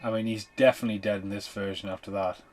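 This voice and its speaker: A man's voice: fairly low pitch, steady tone, fast, darkish tone, soft background music. A man hosting a movie commentary podcast, talking over the film in a blunt, sweary, casual way. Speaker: podcast host.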